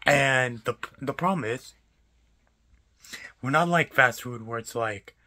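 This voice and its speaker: A young man in a profane, exasperated vlog rant about his fast food job, repeating himself as he vents. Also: mid-range voice, sharp tone. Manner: exasperated, profane, repetitive ranting. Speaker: fast food worker ranting.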